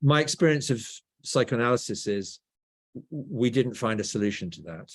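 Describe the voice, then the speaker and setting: A middle-aged man from England with a standard southern, BBC-style accent appears as a guest author in a conversational interview. He tells stories, often ending points with "right?", in a mid-range, slightly rough voice with lively intonation at a moderate pace.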